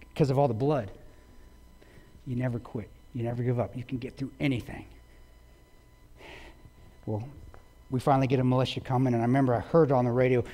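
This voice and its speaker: A man's voice: fairly high pitch, darkish tone. A man giving a public talk, retelling a story intensely with quoted dialogue. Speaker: guest speaker. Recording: long reverb of a large hall.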